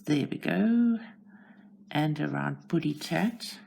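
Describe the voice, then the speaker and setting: This channel host, a South African woman, colors at home and narrates what she's doing in a chatty, self-mocking way, as if talking to herself. Her low, creaky voice is animated yet unhurried, a touch mellow and slightly rough.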